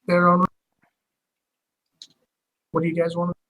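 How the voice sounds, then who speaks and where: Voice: medium pitch, monotone, slow, a bit bright, low-quality recording. A game master running a tabletop session in a loose, casual way, laughing often and full of fillers.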